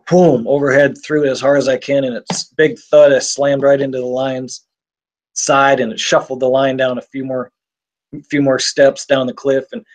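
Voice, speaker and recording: A man's voice: mid-range voice, a little mellow. A middle-aged man telling a personal survival story in an interview, speaking intensely with frequent repeats and restarts.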